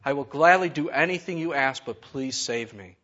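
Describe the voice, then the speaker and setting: A man's voice: a little high, expressive, normal speed, muffled recording. A preacher acting out a desperate man pleading. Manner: pleading, shouted. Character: desperate man clinging to a cliff branch.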